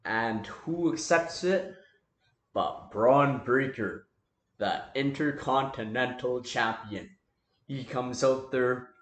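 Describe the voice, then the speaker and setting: Man, casual storytelling, rambling with fillers, slow delivery, echoey room. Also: medium pitch. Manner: loose, rambling, filler-heavy recap. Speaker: wrestling fantasy booker.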